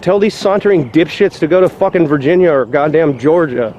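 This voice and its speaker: A man's voice: fairly high pitch, fairly quick, darkish tone, slight background noise. A man vlogging on a walk outdoors along a rural trail, ranting and swearing in exasperation. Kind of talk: walk-and-talk vlog rant.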